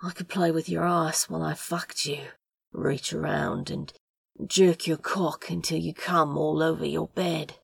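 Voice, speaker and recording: A blunt, sardonic man with a low, gravelly and husky voice, played by a woman. He drawls slowly in a close, dry audio drama recording. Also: no room sound, heavily acted. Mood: seductive.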